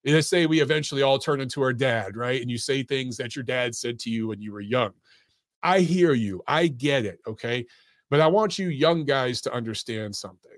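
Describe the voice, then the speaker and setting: A man's voice: mid-range voice, moderate pace, no echo, clean studio sound. A man in his forties hosting a podcast, giving a blunt, opinionated monologue and lecturing his listeners directly. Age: 40s. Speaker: podcast host. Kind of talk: opinionated boxing commentary monologue.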